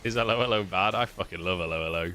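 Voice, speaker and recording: A man with a British accent casting a live esports match on a casual co-stream, excitable and swearing freely. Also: low voice, quick pace, a little hiss or hum. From United Kingdom. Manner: excitable, swears freely, laughs between plays. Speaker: esports caster.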